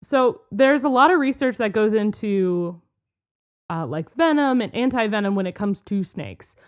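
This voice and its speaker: A woman's voice: medium pitch, moderate pace, dull audio. Chatty woman podcast co-host. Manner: chatty, laughs often, lively explaining. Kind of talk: casual chat.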